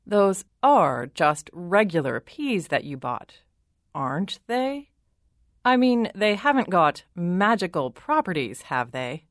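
A woman's voice: fairly low pitch, big pitch swings, takes it slowly, dry recording, clean studio sound. A woman doing a flustered, muttering king. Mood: apprehensive. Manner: muttering, hesitant. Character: flustered, bewildered middle-aged storybook king.

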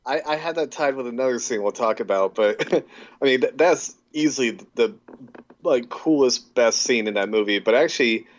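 A man with a mid-pitched voice co-hosts a casual podcast and retells his favorite film scenes, laughing along. He sounds relaxed, and the recording is dull and lo-fi. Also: normal speed, slight background noise. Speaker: podcast co-host. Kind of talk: casual chat.

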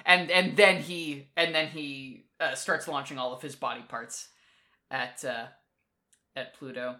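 A woman with a notably low pitch and a bright, forceful tone co-hosts a casual podcast chat. She talks animatedly, swears now and then and slips into quick character voices as she recaps a story. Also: steady tone. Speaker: podcast co-host.

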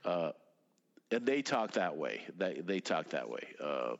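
A man's voice: low voice, big pitch swings, a little slow, long reverb tail, muffled recording. A man in his fifties, a native Russian speaker, rambling casually as an interview guest, with lots of fillers, restarts and swearing. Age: 50s. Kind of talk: casual conversation.

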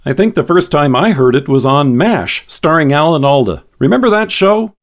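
A man delivering a scripted devotional sermon in a measured, earnest reading voice. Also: fairly high pitch, very animated. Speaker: devotional speaker.

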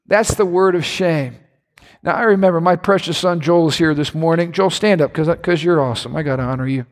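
A pastor preaching a sermon to his congregation, impassioned, his voice climbing higher when he is stirred. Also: brisk. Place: large church hall. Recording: reverberant church hall.

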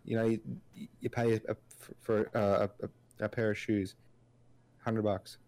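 A man's voice: on the low side, level tone, measured pace, a little mellow, dry recording. A man co-hosting a casual podcast, rambling through his points with lots of filler words and restarts. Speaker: podcast co-host. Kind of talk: casual chat.

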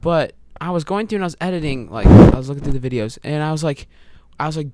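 A young man co-hosting a casual podcast, excitable and laughing, swearing freely and acting out quotes. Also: fairly high pitch, fast, hardly any pauses, a little hiss or hum. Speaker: podcast co-host.

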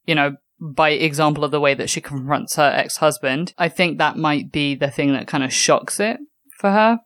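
A young woman with an English accent, co-hosting a casual podcast chat, animated and swearing freely. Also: low-pitched, normal speed, no echo. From England. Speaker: podcast co-host.

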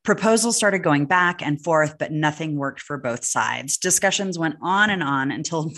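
A young woman co-hosting a podcast tells a story in casual chat, swearing freely and performing the voices of the people she quotes. Her voice sits low yet sounds fairly bright and animated, at a moderate pace.

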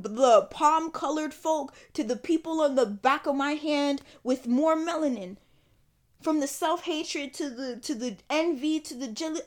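A woman's voice: high voice, animated, moderate pace. A young adult woman hosting a podcast, telling a personal story in an emphatic, repetitive, sassy and emotional way. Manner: emphatic, repeats phrases, swings between sassy and tearful. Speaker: podcast host.

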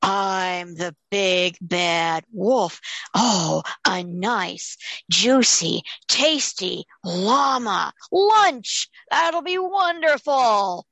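Woman doing a slow, gloating big bad wolf. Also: medium pitch, animated, a bit bright, no room sound, full character voice.

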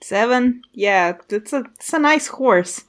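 A woman acts as game master for a tabletop game, describing scenes haltingly and calling for dice rolls. Her voice is fairly high and animated.

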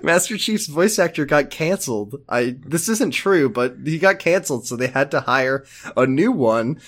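A man's voice: fairly high pitch, expressive, moderate pace, a bit bright. A man co-hosting a comedy podcast, teasing and insisting his point while mock-lecturing. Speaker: podcast co-host. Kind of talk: comedic banter.

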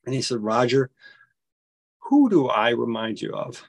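A man recounts a personal story, jumping up in pitch to act out each quoted line. His voice sits at an ordinary middle pitch, and the recording is close and dry, with no room sound. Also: vocal fry, no room sound. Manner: animated, acts out quoted dialogue with big pitch jumps; halting, with frequent restarts. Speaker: interview guest.

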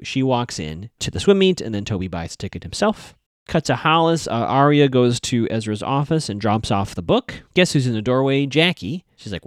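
A man giving a casual, chatty recap of a TV episode, acting out the characters' lines in quick asides. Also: mid-range voice, no echo, clean studio sound. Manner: chatty, animated, with quoted asides.

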